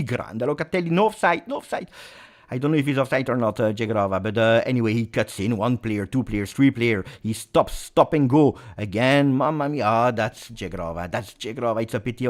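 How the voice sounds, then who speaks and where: A man hosts a live football reaction stream, commenting play by play. He talks in a mid-range voice and is very animated, dropping to low muttering and then breaking into shouts. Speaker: live match watch-along host.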